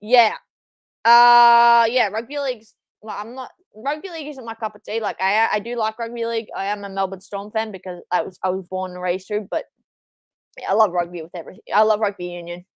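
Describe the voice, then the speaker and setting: A woman's voice: medium pitch, brisk, clean tone, dry recording. Fired-up, foul-mouthed young woman streamer. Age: young adult. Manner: excitable, swears and yells at the screen; frustrated, repeats herself. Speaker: watchalong streamer. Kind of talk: live reaction commentary.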